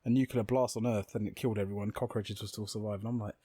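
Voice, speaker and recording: A man's voice: lowish voice, fast talker, husky. A young man co-hosting a podcast, telling stories in casual, swearing chat and acting out what people said. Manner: swearing, animated storytelling with acted-out quotes. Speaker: podcast co-host.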